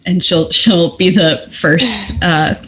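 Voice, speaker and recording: A woman's voice: fairly low pitch, slow, fairly bright tone, slight background noise, low-quality recording. A woman player chatting casually during a tabletop game.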